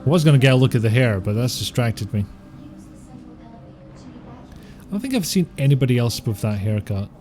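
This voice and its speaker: A man's voice: mid-range voice, darkish tone. A man streaming a video game, rambling and joking with chat and swearing often. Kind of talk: casual gameplay commentary.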